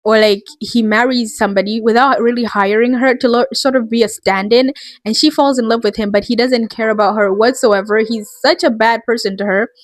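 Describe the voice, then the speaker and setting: A woman's voice: a little high, steady tone, brisk, dry recording. A woman vlogger ranting in a casual, rambling, exasperated way, full of fillers. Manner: rambling, exasperated, heavy use of "like".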